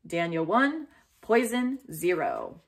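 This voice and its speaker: A woman's voice: fairly low pitch, huge pitch swings, slow pace, gravelly, full character voice. A woman voicing a playful boy who cracks jokes in a children's storybook reading. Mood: triumphant. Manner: jokey, teasing. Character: joking boy, playful older brother.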